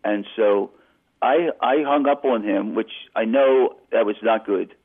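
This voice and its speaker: A man telling an animated story as a guest calling into a radio show, stumbling and restarting as he goes. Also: lowish voice, a little slow, husky. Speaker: phone-in guest. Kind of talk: casual storytelling on a phone call. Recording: tinny phone line on radio.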